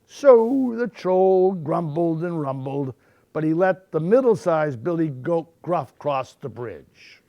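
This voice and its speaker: A man reads picture books aloud at storytime, his voice rising and falling with animated expression. He takes his time, with a gravelly texture in a close, dry recording. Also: fairly high pitch, no echo. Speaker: storytime reader.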